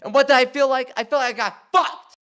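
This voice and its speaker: A man's voice: very high voice, fast, sharp tone. Furious, swearing young man in a heated argument. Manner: upset, swearing, emotional outbursts. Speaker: show crew member. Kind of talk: heated on-air confrontation.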